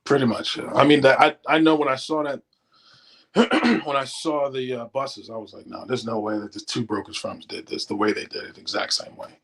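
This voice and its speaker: A man's voice: medium pitch, a little fast, creaky, rough recording. A middle-aged man, a former stockbroker, telling stories as an interview guest and acting out what people said. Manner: animated storyteller acting out quotes. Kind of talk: casual storytelling.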